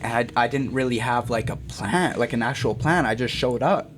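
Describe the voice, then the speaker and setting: A young man tells his story in a slangy, animated way, as a boxer being interviewed. His voice sits in an ordinary middle pitch. A faint hum of noise runs underneath. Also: normal speed. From Canada. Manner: slangy and animated, says "bro" often.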